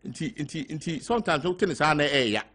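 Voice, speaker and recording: An older man with a Ghanaian accent, talking as a guest on a talk show, halting and mixing in local words. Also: on the high side, animated, slight background noise. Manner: halting, mixing in local words, growing loud when telling a story. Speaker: guest party member. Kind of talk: casual talk show interview.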